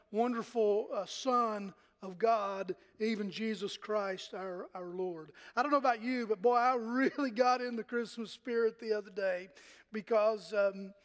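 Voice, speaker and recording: High-voiced Southern pastor in a reverberant hall. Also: male voice. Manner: folksy, rambling with many fillers and restarts. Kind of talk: sermon.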